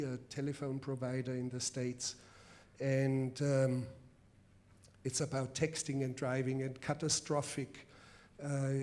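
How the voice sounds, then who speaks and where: A man with a German accent, a film director at a public masterclass, answering a question with a deliberate, emphatic anecdote. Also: fairly high pitch, a little mellow. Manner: deliberate, emphatic storytelling with restarts. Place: festival event before a live audience.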